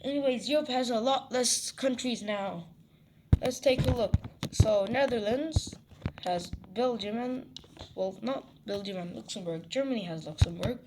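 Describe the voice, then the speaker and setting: A channel host casually walking through a map, halting and correcting themselves while listing places one by one. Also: medium pitch, noisy background. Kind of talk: casual map walkthrough narration.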